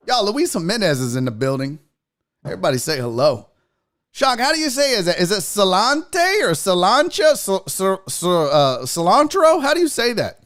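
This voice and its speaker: A man's voice: high-pitched, fairly bright tone. A man hosting a sports talk show, joking loosely and swearing in casual banter.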